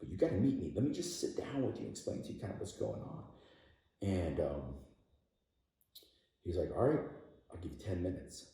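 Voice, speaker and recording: Man, podcast guest, low dark voice, laughs often, many yeah fillers, distant in a very echoey room. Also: sing-song, a little fast, long pauses. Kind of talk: emotional personal storytelling. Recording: very roomy echo, distant from mic.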